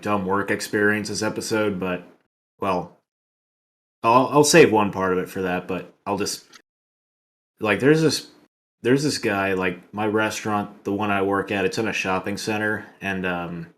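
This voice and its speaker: A man's voice: low voice, a bit bright. A man co-hosting a podcast, joking and telling rambling stories in casual chat, swearing freely. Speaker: podcast co-host.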